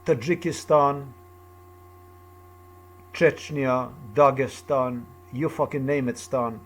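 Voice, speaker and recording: A man's voice: on the high side, slow, pauses often, slight background noise. A man talking alone in a rambling, repetitive monologue with loose, off-the-cuff phrasing. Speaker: commentator.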